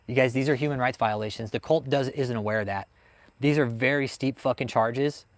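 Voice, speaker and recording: A man with a mid-range voice runs a livestream on cults, talking fairly quickly in a profane, heated rant as he reads and responds to chat. There's no room sound.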